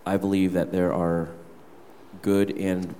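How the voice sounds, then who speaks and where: Deep-voiced man telling a story in a hall. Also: little pitch movement, slow pace, warm tone, a little hiss or hum. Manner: candid, earnest storytelling. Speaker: worship leader. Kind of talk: personal story told to a church gathering. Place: church hall. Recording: reverberant hall.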